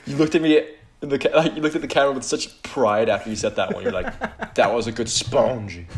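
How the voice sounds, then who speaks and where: Animated, joking young man. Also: mid-range voice, quick pace, vocal fry. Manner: joking, giggly, lively up-and-down delivery. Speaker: podcast co-host. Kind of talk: casual chat.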